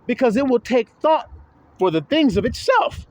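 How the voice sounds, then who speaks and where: A man's voice: very high voice, sing-song, moderate pace, a little mellow. A man preaching an informal sermon, folksy and profane, talking straight to his listeners.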